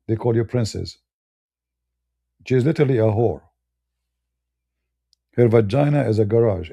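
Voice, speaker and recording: A man's voice: mid-range voice, gravelly, mellow. A man from the Middle East with a Middle Eastern accent, delivering a blunt, scornful monologue in broken English. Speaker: debater. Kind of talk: heated ranting monologue.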